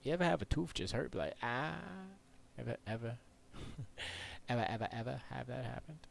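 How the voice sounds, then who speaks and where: A man's voice: medium pitch, moderate pace, gravelly. A man chatting casually on a live stream from his music studio, rambling and slipping into mumbled near-whispers and nonsense rhymes.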